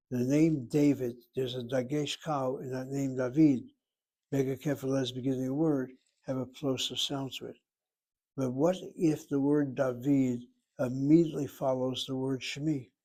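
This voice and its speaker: A man's voice: mid-range voice, a little mellow. Precise man lecturing on Hebrew grammar. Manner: precise, digressive, explanatory. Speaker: Hebrew teacher. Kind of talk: classroom lecture.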